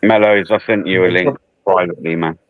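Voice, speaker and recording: A man's voice: sits low, fairly even intonation, fairly quick, dry recording, phone-quality sound. A man co-hosting a livestream, laid-back and chatty, often calling people man or bro. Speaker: co-host. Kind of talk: casual livestream banter.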